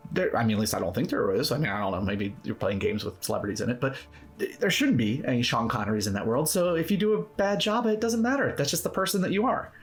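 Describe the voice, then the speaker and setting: A man hosting a tabletop roleplaying tips video, talking to camera in an upbeat, encouraging, conversational way. His voice sits at an ordinary middle pitch. Quiet music plays behind him. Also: expressive, quick pace. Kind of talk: casual instructional talk to camera.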